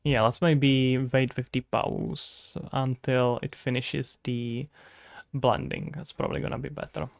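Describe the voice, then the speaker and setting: Czech-accented male game-dev streamer: casual, jokey, talks through his work, a bit of fry in the voice, dry sound. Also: medium pitch, level tone, a little slow, dry recording. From Czech Republic. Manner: chatty, joking, thinking aloud. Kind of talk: casual livestream chat.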